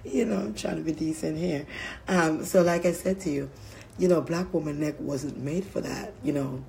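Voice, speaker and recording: A woman's voice: low voice, moderate pace, creaky, dark tone, a little hiss or hum. Rambling, crude woman vlogger. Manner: rambling, crude, breaks into frequent laughter. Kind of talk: rambling casual monologue to camera.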